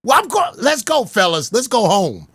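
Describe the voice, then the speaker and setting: A man giving casual livestream commentary, animated, laughing often and stammering over repeated words. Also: very high voice, moderate pace, husky, dry recording, clean studio sound.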